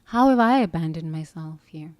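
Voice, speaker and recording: A woman speaks in an earnest, coaching way in a reflective self-help monologue. She poses questions and answers them herself, steady and sincere. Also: low-pitched, normal speed.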